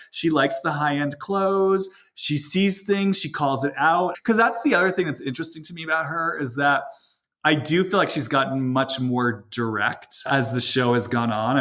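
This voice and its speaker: A man with a fairly high voice hosts a relaxed podcast chat. He muses at length, circling his points with filler words and quoted asides. He sounds like he is thinking aloud. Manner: reflective, thinks aloud with many "like" and "you know". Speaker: podcast host. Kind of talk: casual chat.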